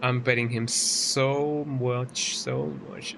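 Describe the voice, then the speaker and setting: A man's voice: lowish voice, animated, normal speed, noisy background. Rambling young man streaming a game. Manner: rambling, talks sweetly to his cat in baby talk. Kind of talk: casual gameplay commentary. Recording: game music behind the voice.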